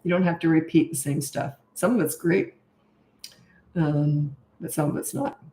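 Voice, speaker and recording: A woman's voice: sits low, moderate pace, dark tone, a little hiss or hum. A middle-aged woman from Canada, a parenting coach answering viewer questions in a blunt, matter-of-fact casual chat. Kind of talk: casual livestream Q&A. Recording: echoey room.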